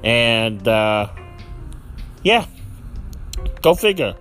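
A man hosting a casual solo podcast, rambling with many fillers and restarts, lively and quick to laugh. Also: on the low side, soft background music. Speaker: podcast host.

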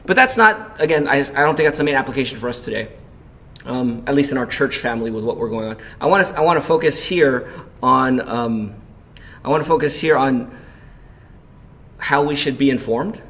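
With a medium-pitched, expressive, brisk voice, a pastor delivers a sermon built around a personal story. He keeps it conversational, asks his congregation questions, and loudly acts out panic when quoting.

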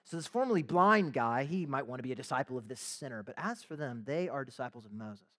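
A man's voice: mid-range voice, lively intonation, fast talker, a bit bright. A man preaching a sermon as pastor, talking conversationally and acting out the voices of the people in the story, with casual slang asides.

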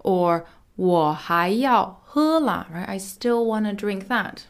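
Lady teaching mandarin on a podcast, says the words slow and clear then chats about them. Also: mid-range voice, lively intonation. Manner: explains brightly, repeats Mandarin words slowly and clearly. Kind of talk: language lesson podcast.

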